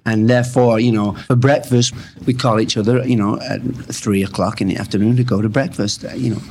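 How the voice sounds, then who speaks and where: A middle-aged man with a lowish voice looks back on his music days in a studio interview. He takes his time and fills pauses with "uh" and "you know.". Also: steady tone, darkish tone, slight background noise. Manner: unhurried, with many fillers. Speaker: musician guest. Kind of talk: reminiscing interview talk. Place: radio studio.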